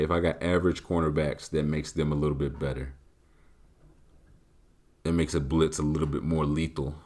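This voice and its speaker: A man hosting a podcast, answering listener questions in a joking, animated, casual way. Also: very deep voice. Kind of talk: casual chat.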